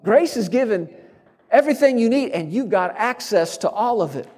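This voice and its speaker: A man delivering a sermon in a high-pitched voice. He stacks up repeated, emphatic declarations and fires off rhetorical questions at the congregation. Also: animated, normal speed, darkish tone, breathy edge. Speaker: preacher.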